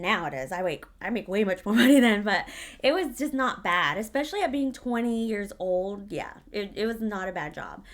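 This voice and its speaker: A woman's voice: medium pitch, fairly bright tone. A woman telling a storytime to her vlog audience in a casual, blunt way, swearing freely.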